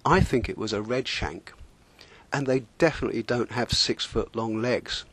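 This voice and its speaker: A man, telling a comic sailing story in a deadpan, wry manner. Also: mid-range voice, normal speed, breathy edge. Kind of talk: humorous spoken monologue.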